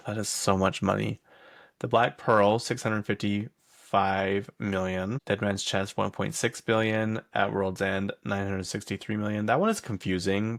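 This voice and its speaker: A man's voice: on the low side, gravelly, a bit bright, no echo, studio quality. A young man hosting a casual pop culture chat, rambling along with plenty of fillers and laughs. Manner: rambling, chatty, laughs often, lots of fillers. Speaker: pop culture podcast host.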